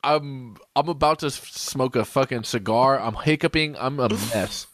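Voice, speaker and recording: A man's voice: medium pitch, normal speed, fairly bright tone, no echo. A man co-hosting a podcast in casual chat, rambling, laughing and hiccuping after drinking. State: hiccuping, drunk. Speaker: podcast co-host.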